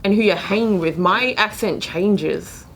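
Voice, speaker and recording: A woman guest on a casual podcast, chatting quickly and openly. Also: medium pitch, a little hiss or hum. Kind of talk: casual chat.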